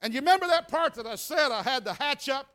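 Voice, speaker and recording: A man, a revival preacher telling a folksy, animated story in a sermon and acting out sounds and voices. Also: very high voice, fast.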